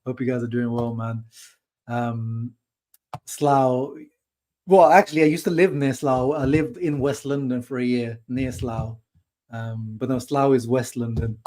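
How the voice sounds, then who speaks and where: A man's voice: medium pitch, steady tone, unhurried, warm tone. A man hosting a live post-match football reaction stream, talking casually and laughing often. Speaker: football channel host.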